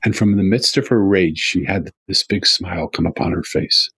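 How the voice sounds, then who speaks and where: A man's voice: sits low, moderate pace, fairly bright tone, slightly rough, no echo. A man speaking earnestly as an interview guest, telling a story with repeated emphatic phrases.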